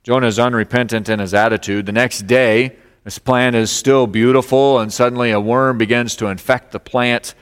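A man of middling pitch preaches from the pulpit, his voice carrying a long reverb through the sanctuary. He is expressive, rising and pressing as he acts out the story's exchanges for his congregation. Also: normal speed, few pauses, clear, resonant tone. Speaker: pastor. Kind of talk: sermon.

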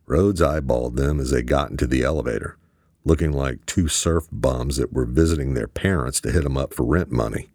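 A male audiobook narrator with a very low, gravelly voice. He keeps a steady, matter-of-fact pace through the story. The recording is dry and close. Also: brisk, dry recording. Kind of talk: scripted narration.

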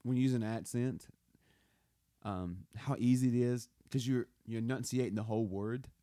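A man's voice: mid-range voice, normal speed, mellow, no echo. A man with a Southern US accent co-hosting a casual podcast chat, laughing often and tripping over restarts as he talks. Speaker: podcast co-host.

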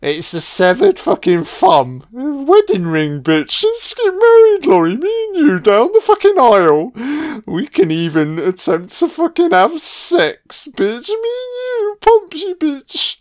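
A crude, swearing masked killer taunts his victim in a voice, as a man puts him on. The voice drops low and quiet, then leaps high and mocking, swinging widely in pitch. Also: wildly swooping pitch, unhurried, hardly any pauses, full character voice. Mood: mocking glee.

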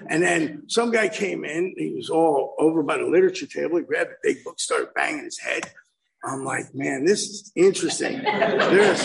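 Man in his fifties, gravelly voice, slightly high, lively storyteller acting out quotes. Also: rough recording. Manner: animated storytelling with acted-out quotes. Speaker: recovery meeting speaker. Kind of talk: personal story at a meeting. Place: meeting room.

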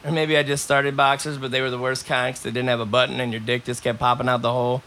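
A man hosting a podcast who tells a long, rambling story in a casual, animated way and coughs between lines. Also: medium pitch, fast talker, a little hiss or hum. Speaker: podcast host.

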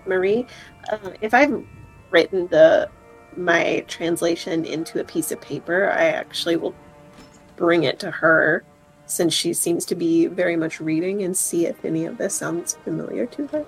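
A woman's voice: on the low side, moderate pace, poor audio. Woman player, tentative, faint music underneath. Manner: tentative, thinking aloud. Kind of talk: tabletop game play.

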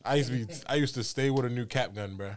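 A man co-hosting a casual podcast with friends, telling loose, profane stories. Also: mid-range voice. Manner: fast, loose storytelling with slang and profanity. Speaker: podcast co-host. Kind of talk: casual chat among friends.

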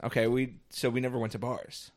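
A young man co-hosting a casual podcast, teasing his friends with crude jokes and rapid questions. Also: medium pitch, level tone. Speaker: podcast co-host. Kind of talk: casual chat.

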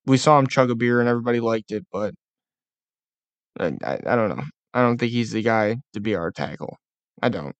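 A man's voice: on the low side, brisk, no echo, dull audio. Profane, frustrated man ranting about football. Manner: profane, frustrated ranting, mocking baby talk in bursts. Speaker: podcast host. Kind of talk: casual sports podcast rant.

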